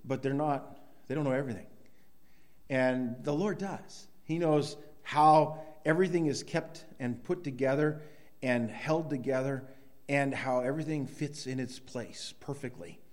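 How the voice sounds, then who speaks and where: A man's voice: mid-range voice, measured pace. A middle-aged man preaching a sermon in a loose, conversational way, with many restarts and sudden emphatic bursts. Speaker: pastor.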